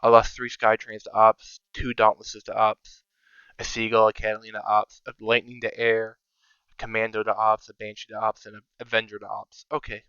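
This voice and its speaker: A man's voice: on the low side, monotone, moderate pace, pushed and bright, clear, resonant tone, no echo, highs cut off. A man giving casual, think-aloud commentary over his own strategy game, sometimes counting under his breath. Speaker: strategy game video creator.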